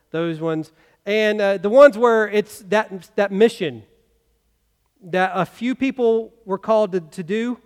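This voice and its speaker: High-pitched pastor guy preaching, chatty, lots of questions to the crowd, big echoey church. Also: clean tone. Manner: conversational preaching with rhetorical questions. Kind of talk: sermon. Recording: long reverb of a church hall.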